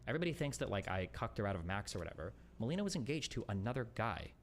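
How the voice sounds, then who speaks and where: A man's voice: lowish voice, big pitch swings, very fast, slight background noise. A man on a stream talking casually, retelling an argument in an aggrieved, filler-heavy way.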